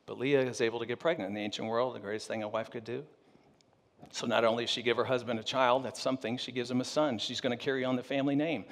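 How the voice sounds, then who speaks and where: A pastor telling a story in a humorous sermon, animated and joking with his audience. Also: mid-range voice, fast, big-room sound.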